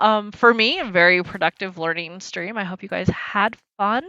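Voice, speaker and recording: A woman's voice: medium pitch, normal speed, fairly bright tone, no room sound, dull audio. A woman streaming a game, chatting casually to her viewers, joking about her own mistakes and laughing often. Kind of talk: casual live-stream commentary.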